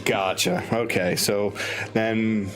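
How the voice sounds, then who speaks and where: A man's voice: on the low side, fairly even intonation, slow pace, over music. A man narrating as dungeon master of a tabletop game with friends, casual and laughing often, with some swearing.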